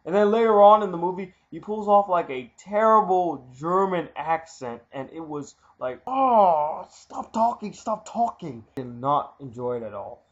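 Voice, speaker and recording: A man's voice: on the high side, normal speed, hardly any pauses, a bit bright. A man giving a casual movie review in a blunt, candid way, repeating himself for emphasis, in a muffled lo-fi recording.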